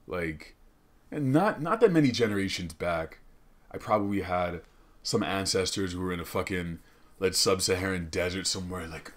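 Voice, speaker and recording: A man's voice: deep voice, animated, moderate pace. A man hosting a comedic podcast monologue, rambling, swearing a lot and laughing often. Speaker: podcast host. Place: studio.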